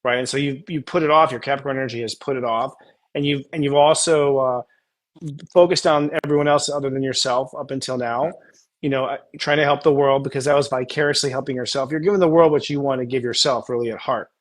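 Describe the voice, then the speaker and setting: A man hosting a casual spiritual coaching chat, animated and acting out tender inner dialogues. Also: medium pitch, fast talker. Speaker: astrologer host.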